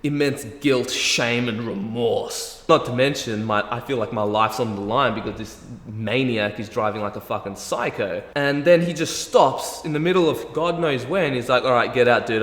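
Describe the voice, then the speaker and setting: A young Australian man telling a personal story in an animated, self-mocking way with plenty of swearing. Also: mid-range voice. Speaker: vlogger. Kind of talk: storytelling monologue. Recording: roomy echo, long reverb, faint music.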